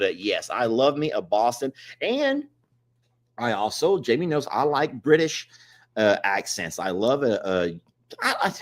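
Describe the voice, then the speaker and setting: A man, co-hosting a live stream in a rambling, chatty way and laughing often. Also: medium pitch. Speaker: livestream co-host. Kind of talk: casual chat.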